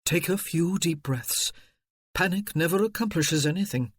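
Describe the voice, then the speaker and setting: Reader doing calm, protective officer husband, firm, unhurried. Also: male voice, fairly high pitch, dry recording, studio quality. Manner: maddeningly calm, firm, reassuring. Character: steady male military officer, calm and protective.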